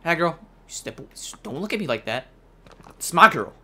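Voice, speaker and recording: A man's voice: fairly high pitch, big pitch swings, moderate pace, sharp tone, slight background noise. A man giving casual, playful gameplay commentary, swearing and joking as he talks to the creatures on screen. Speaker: let's play gamer. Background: game music.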